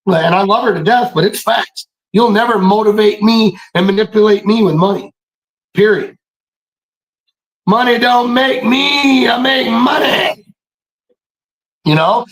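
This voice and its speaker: A man telling stories in a casual monologue, animated and preachy, swearing freely and often breaking into shouts. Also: high voice, unhurried, pauses often, low-quality recording. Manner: profane, streetwise slang. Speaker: podcast speaker.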